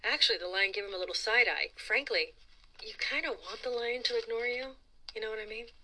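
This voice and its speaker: A woman hosting a children's storytime, reading aloud in an expressive, playful, dramatic way. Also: on the high side, a little fast, a little hiss or hum, low-quality recording. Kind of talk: animated read-aloud storytime.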